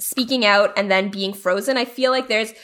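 A woman's voice: mid-range voice, steady tone, moderate pace, fairly bright tone. A woman co-hosting a podcast, chatting casually about a TV episode with many fillers and laughs. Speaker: podcast co-host. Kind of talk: casual chat recapping a TV episode.

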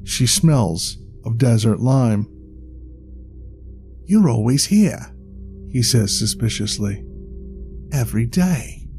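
A man narrating a dark tale in a measured, dramatic scripted reading. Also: mid-range voice.

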